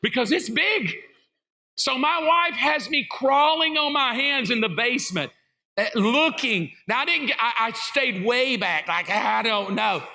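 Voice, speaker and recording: Man, middle-aged, Southern US accent, pastor, animated comic sermon, self-mocking, high-pitched. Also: unhurried. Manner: animated, self-mocking, acts out voices and sounds. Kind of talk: comedic sermon storytelling. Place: church sanctuary.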